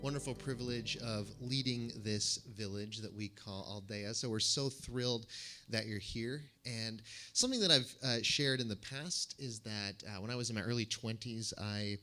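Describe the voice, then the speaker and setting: A man, a pastor, giving a sermon with animated storytelling and gentle humor. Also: lowish voice, normal speed, faint music behind. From United States.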